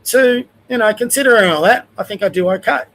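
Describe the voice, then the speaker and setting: A man's voice: high voice, fairly quick, fairly bright tone, poor audio. An older Australian man hosting a livestream, giving blunt, conversational opinions in a casual rant. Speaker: livestream host.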